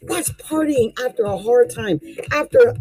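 A tarot reader giving a casual card reading, animated and exclamatory, talking straight to the listener in a folksy, coaching way. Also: mid-range voice, measured pace, low-quality recording.

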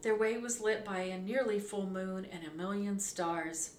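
Slow-reading woman storyteller in an echoey room. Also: medium pitch. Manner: measured, clear, expressive. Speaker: narrator. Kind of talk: storybook read-aloud. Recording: roomy echo, faint background hum.

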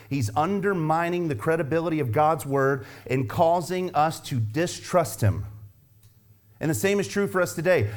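A man's voice: a little high, expressive, unhurried, darkish tone. A man preaching a sermon as pastor, emphatic and driving home points with repeated rhetorical questions.

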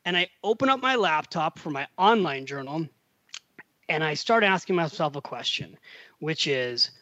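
A middle-aged man appears as a podcast guest, spinning a long story in casual conversation and acting out the quotes with animation. His voice is on the high side at a moderate pace, and the recording is dry and lo-fi.

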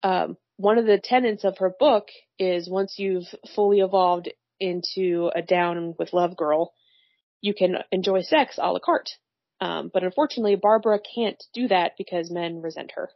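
A woman's voice: on the low side, fairly even intonation, moderate pace, no room sound, lo-fi sound. A woman co-hosting a casual chat, recapping a film plot in a wry, slangy way and laughing often. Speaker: podcast co-host recapping a film.

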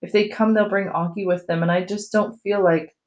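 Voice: mid-range voice, steady tone, brisk, lo-fi sound, lightly acted. A reader voicing a tearful teenage girl. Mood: upset. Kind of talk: read-aloud dialogue.

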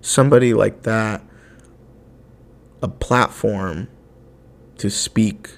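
A man's voice: on the low side, slow, gravelly. A man hosting a solo podcast, speaking earnestly and bluntly in a casual monologue with occasional swearing. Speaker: podcast host.

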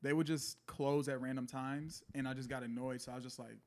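A man's voice: medium pitch, brisk. A man co-hosting a casual podcast chat, telling stories and acting out what other people said. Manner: animated storyteller, acts out others' lines. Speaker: podcast co-host.

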